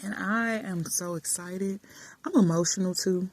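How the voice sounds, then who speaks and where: A woman vlogger chatting casually and affectionately while lying in bed in a dark room, often dropping to soft murmurs. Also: medium pitch, a little slow, no echo. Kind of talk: casual chat.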